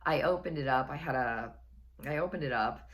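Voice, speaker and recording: Storytelling vlogger, woman with an unusually low voice, chatty and wry delivery. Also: a little fast, fairly bright tone. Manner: chatty, wry, repeats phrases for effect. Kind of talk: casual personal storytelling.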